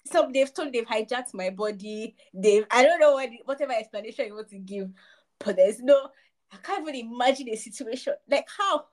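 A woman's voice: fairly high pitch, expressive, brisk, a little mellow. A young woman co-hosting a casual podcast chat, emphatic and rambling, with frequent laughs. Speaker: podcast co-host.

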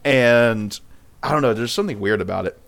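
A man's voice: medium pitch, fairly quick, gravelly. A man chats loosely as co-host of a casual podcast. He rambles through his stories and breaks into laughter often. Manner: animated, rambling, laughs easily. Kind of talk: casual chat.

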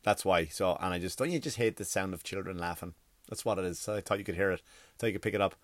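A man's voice: sits low, quick pace, no room sound, studio quality. A man doing a comedy monologue, rambling and profane, with many "like" and "you know" fillers, from a workspace. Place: workspace across from a school.

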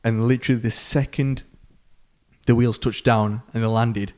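Podcast guy telling a story, mid pitch, chatty and animated, building suspense. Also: moderate pace. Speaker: podcast host. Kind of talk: casual storytelling.

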